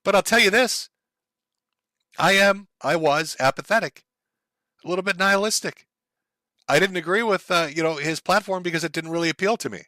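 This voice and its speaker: A man's voice: a little high, lively intonation, a little fast, pauses often, pushed and bright, no echo. Heated, profane man ranting on stream. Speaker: streamer host. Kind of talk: ranting livestream commentary.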